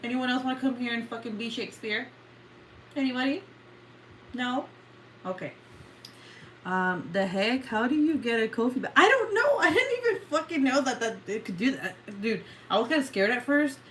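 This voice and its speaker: Woman streamer chatting w viewers, swears a lot, bit high voice, little hiss behind her. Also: very animated, normal speed, a bit bright. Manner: swearing, joking, bursting into laughter. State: coughing. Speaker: livestream host. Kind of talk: casual livestream chat with viewers.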